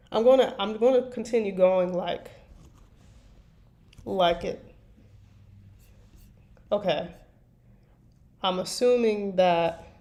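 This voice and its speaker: A woman's voice: fairly low pitch, mellow. A woman chatting casually to viewers on a live stream while she writes fan fiction, rambling and poking fun at herself. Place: at a computer desk. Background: faint keyboard typing and clicks.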